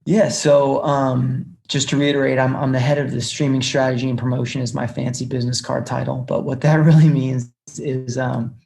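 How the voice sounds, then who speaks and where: A young man, a music business executive, talking casually as a podcast guest and telling animated stories with lots of fillers and restarts. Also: mid-range voice, moderate pace, vocal fry, hardly any pauses.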